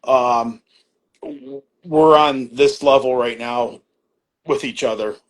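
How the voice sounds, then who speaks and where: A man's voice: medium pitch, slow pace, vocal fry. A middle-aged man talking as a podcast guest, in a loose, rambling way, full of fillers and restarts, acting out quoted back-and-forth exchanges and swearing casually. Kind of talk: casual storytelling conversation.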